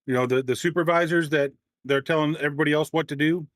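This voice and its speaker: A man casually telling a long story on a livestream, ranting and animated, often restarting his sentences. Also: a little high, fast, dry recording, clean studio sound.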